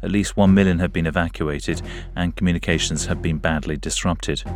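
Man, newsreader, very deep voice, formal bulletin, faint music bed. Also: steady tone. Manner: measured formal news delivery. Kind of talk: radio news bulletin.

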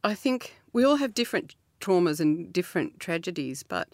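A middle-aged woman, talking earnestly as an interview guest, laughing often and jumping up in pitch. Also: sing-song, normal speed, a little mellow, no room sound, clean studio sound. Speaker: author guest. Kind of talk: reflective interview talk.

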